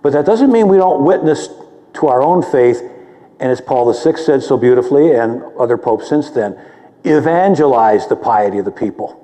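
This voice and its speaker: A male theologian speaks in a mellow, warm tone while lecturing in a large hall, and his words trail off into a long echo. His manner is conversational and humble. When excited, he stumbles over repeated words. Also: medium pitch, normal speed. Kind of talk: public lecture, answering a question with a personal story.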